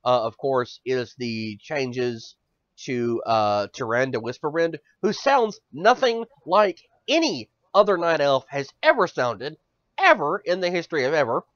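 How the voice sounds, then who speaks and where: A man hosting a podcast, ranting loosely with plenty of swearing and stumbling restarts. His voice sits a touch high and swings widely. The recording is dry and lo-fi. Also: a little slow, no room sound. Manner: animated, profane ranting, stammers and repeats. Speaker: podcast host. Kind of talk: casual podcast chat. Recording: dull dry lo-fi audio.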